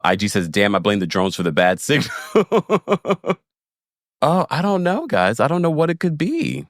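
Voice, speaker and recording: This man's voice runs fairly high and unhurried as he recaps a reality show on a casual livestream. Laughing and animated, he reads viewer comments aloud and addresses his viewers directly, in studio-quality sound without echo.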